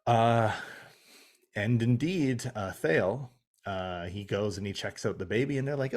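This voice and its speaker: A man's voice: fairly low pitch, measured pace, darkish tone. A young man co-hosting a podcast, recapping a TV episode in casual chat, swearing and acting out the characters' lines. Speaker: podcast co-host.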